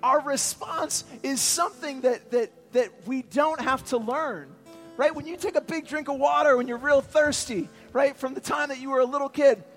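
A man in his thirties preaching a sermon, telling a personal story in an earnest, animated way and calling out to his congregation. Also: very high voice. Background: faint music.

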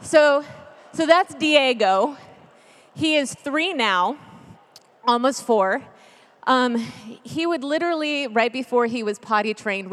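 A woman in her thirties gives a storytelling sermon in a chatty, joking way that turns earnest and hushed. Her voice sits a little high for a woman. It rings with the long reverb of a large hall. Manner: lively, chatty, jokey, then earnest and hushed. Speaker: speaker at a church gathering.

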